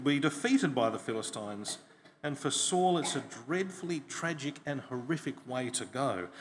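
Expressive male preacher in a reverberant hall. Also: mid-range voice, a little hiss or hum. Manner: expressive reading with emphatic stresses. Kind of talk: sermon with scripture reading.

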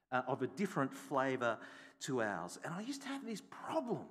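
Lively preacher in an echoey church. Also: male voice, on the high side. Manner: storytelling with repeated rhetorical questions. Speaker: bishop preaching. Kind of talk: sermon. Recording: echoey hall.

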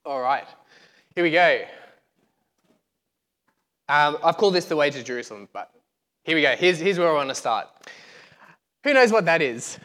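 Higher-voiced male preacher, chatty and joking, on a lapel mic in a reverberant hall. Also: animated, normal speed, pauses often, pushed and bright. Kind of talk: casual sermon. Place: church hall.

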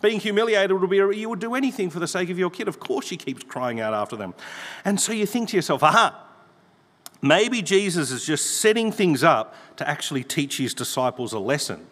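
A man preaches in a lively, swooping voice, leaning hard on the scripture he reads out. His voice sits a little high for a man, and it carries with a long reverb through a church hall. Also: brisk. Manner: expressive preaching, reading scripture aloud with emphasis. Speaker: pastor. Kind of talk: sermon.

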